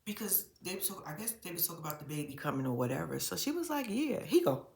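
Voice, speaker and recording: A woman's voice: fairly low pitch, fast talker, vocal fry, few pauses. A woman rants through a reality-show recap, blunt and profane, her voice swinging widely up and down. She talks straight to her viewers in a casual vlog voice. The room around her rings with echo. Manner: blunt, profane, animated ranting. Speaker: reality TV commentator.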